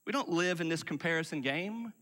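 A man preaching a sermon, emphatic, dropping from loud declarations to hushed asides. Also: a little high, lively intonation, brisk, in a large hall. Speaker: pastor.

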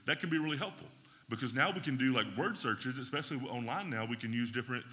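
Bright-voiced man teaching in a hall. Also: mid-range voice, fast talker. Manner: conversational, often checks in with "right?". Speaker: Bible teacher. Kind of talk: classroom teaching talk.

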